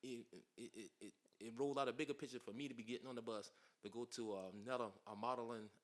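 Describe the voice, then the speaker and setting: A man from South Carolina, a podcast guest telling animated stories, laughing often and acting out quotes. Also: medium pitch, quick pace. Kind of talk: casual storytelling interview.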